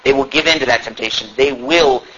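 A man's voice: mid-range voice, fairly quick, bright, forceful tone. A male pastor preaching a sermon, emphatic and full of rhetorical questions. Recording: dull lo-fi with faint noise.

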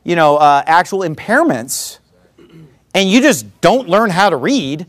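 A male pastor preaching with a high, lively voice that leaps up and down in pitch. He delivers the sermon animatedly, mixing scripture with mocking jabs and laughter. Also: measured pace.

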